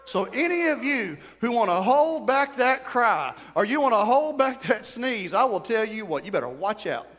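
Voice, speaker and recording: A middle-aged man preaching a sermon, telling stories in an animated way, with sudden bursts and drops. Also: extremely high pitch, moderate pace, hardly any pauses. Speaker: pastor. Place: church sanctuary. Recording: reverberant church hall.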